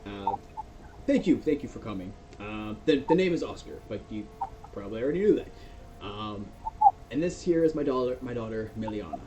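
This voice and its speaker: A man's voice: fairly low pitch, expressive, a little fast, background noise, lightly acted. A man voicing a flustered father who stammers and apologizes. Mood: apologetic. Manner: startled, stammering, then apologetic. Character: flustered human father, homeowner. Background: music.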